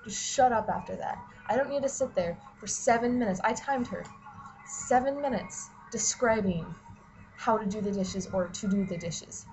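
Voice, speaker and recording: A woman's voice: mid-range voice, normal speed, darkish tone, soft background music, rough recording. A young woman, a college student, ranting casually to camera, swearing and saying "like" constantly. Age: young adult. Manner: profane, heavy use of "like", exasperated.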